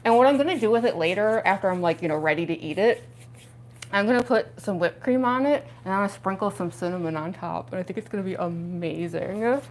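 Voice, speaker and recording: A woman's voice: quick pace, a little hiss or hum. Young woman, livestream host: bubbly, rambly, laughs a lot, mid-range voice, talking around costume teeth. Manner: giggly, chatty, frequent laughs and fillers; excitable, pitch jumping up on exclamations. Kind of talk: casual livestream chat.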